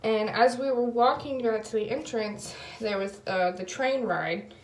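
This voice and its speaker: A woman's voice: on the high side, unhurried, background noise. A young woman telling a story in a casual video diary, rambling with lots of fillers and quoted back-and-forth, and apologizing in self-conscious asides. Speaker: vlogger. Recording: echoey room.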